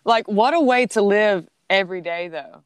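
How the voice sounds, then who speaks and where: A woman's voice: medium pitch, normal speed, smooth, dry recording. A woman hosting a podcast who speaks reflectively and affirms her guest in a casual faith conversation. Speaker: podcast host.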